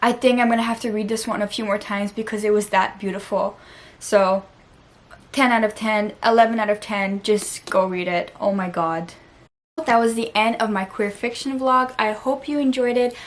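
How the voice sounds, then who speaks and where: A woman talking casually to camera as a book vlogger, her voice sitting a little high. She gushes earnestly and openly, and she peppers her sentences with "like.". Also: fairly even intonation, normal speed. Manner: chatty, gushing, peppered with "like". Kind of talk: casual reading vlog chat.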